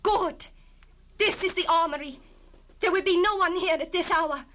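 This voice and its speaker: Young heroine: high, urgent, hushed, distant over music. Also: female voice, moderate pace, slight background noise. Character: brave, urgent young woman guide. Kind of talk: radio drama acting. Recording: distant mic with music under.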